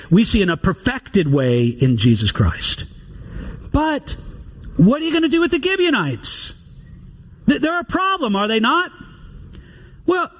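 A man preaching an expository sermon, reading scripture slowly and explaining it with conversational rhetorical questions. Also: high-pitched. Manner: reads scripture aloud slowly and deliberately. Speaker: pastor.

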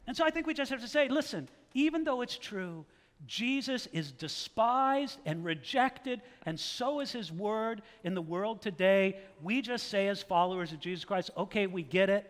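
High bright-voiced preacher in a reverberant hall. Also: male voice. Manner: animated, rhetorical questions, mock-challenging tone. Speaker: pastor. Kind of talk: sermon.

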